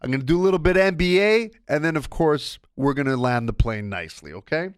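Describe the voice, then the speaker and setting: Animated man hosting a sports podcast. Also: quick pace, clear, resonant tone, dry recording, clean studio sound. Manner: animated storyteller with wide swings of pitch. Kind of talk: casual solo podcast monologue.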